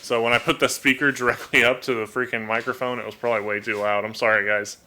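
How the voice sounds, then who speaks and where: Bright-voiced man hosting a live stream. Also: medium pitch, little pitch movement, fast talker, a little hiss or hum. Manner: chatty, apologetic, repeats words while thinking. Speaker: livestream host and toucan keeper. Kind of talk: casual live-stream chat. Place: home room. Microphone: desk microphone.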